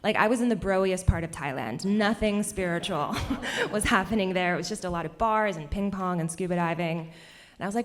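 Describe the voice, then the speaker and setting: A young woman telling a personal story on stage at a cultural center, animated and laughing often between lines. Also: lowish voice, normal speed.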